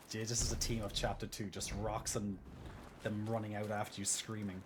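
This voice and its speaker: A man live-streaming a game, chatting casually and rambling excitedly with lots of fillers and laughter. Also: lowish voice, normal speed, noisy background. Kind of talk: casual live-stream chat while gaming.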